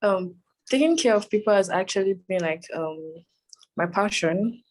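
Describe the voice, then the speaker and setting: A woman's voice: mid-range voice, animated, moderate pace, darkish tone, poor audio. A woman answering a practice interview question on a video call, hesitant and full of fillers.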